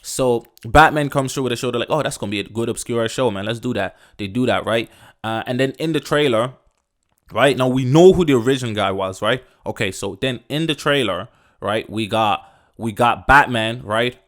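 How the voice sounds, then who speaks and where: A man's voice: medium pitch, normal speed, fairly bright tone. Ranting podcast guy, swearing a lot. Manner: profane and emphatic, repeats "bro" and "you know what I'm saying"; loose, rambling, restarts sentences. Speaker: podcast host. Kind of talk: casual rant.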